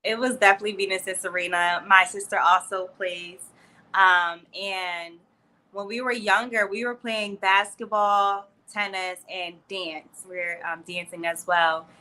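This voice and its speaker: Bright-voiced young woman interview guest. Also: medium pitch, steady tone, measured pace. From New Jersey and Florida, United States. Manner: friendly, chatty, laughs easily. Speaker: guest, PR professional. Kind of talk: casual interview.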